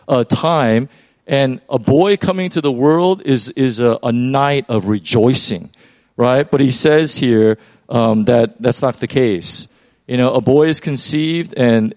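A man's voice: medium pitch, dry recording. A middle-aged man preaching a casual, conversational sermon. He rambles with many fillers and restarts, and acts out little quoted voices along the way. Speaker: pastor.

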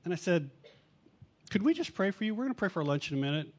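A man's voice: high-pitched, very animated, fast talker, a little mellow. A middle-aged man preaching in a chatty storytelling way, mocking himself and acting out the quotes. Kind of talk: storytelling sermon.

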